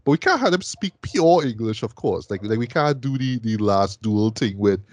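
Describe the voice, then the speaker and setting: A man's voice: mid-range voice, big pitch swings, moderate pace, no echo. A man with a mid-range voice rambles through a casual film review, stacking restarts and fillers as he works toward his point. The sound is dry and close, with no room around him. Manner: loose, repetitive, lots of restarts and fillers. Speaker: film podcast co-host.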